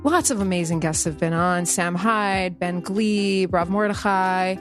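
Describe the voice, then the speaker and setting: A woman's voice: fairly low pitch, unhurried, faint music behind. A woman hosting a podcast, speaking in an effusive, chatty way as she thanks a guest and runs through past episodes. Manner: warm-hearted, effusive, chatty. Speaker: podcast host. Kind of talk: podcast interview and outro.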